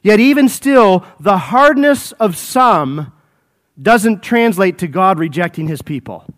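Male preacher, high voice, fervent repeating delivery, addresses folks. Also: expressive, slow pace, fairly bright tone. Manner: exclaims and repeats phrases, addresses listeners as folks. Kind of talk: expository sermon.

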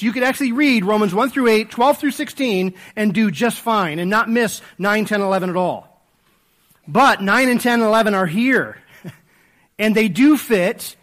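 A male pastor preaching a sermon in a conversational way, with frequent fillers and restarts, and praying in a softer voice. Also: sits high. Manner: conversational preaching with frequent fillers, dropping to a soft hush in prayer.

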